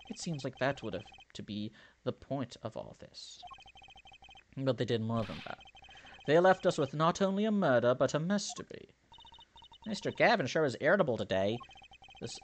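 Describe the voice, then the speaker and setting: A man reads a story game's dialogue aloud without putting on voices, then breaks off into jokes and theories of his own. His pitch leaps up and down freely. A faint background noise sits under the recording. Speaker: let's play commentator. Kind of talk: game playthrough reading dialogue aloud.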